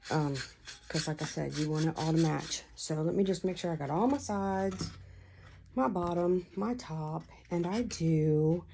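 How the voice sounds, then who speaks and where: Chatty woman, low and mellow. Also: unhurried, vocal fry, a little hiss or hum. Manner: chatty, rambling storyteller. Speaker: craft vlogger. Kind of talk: casual crafting tutorial.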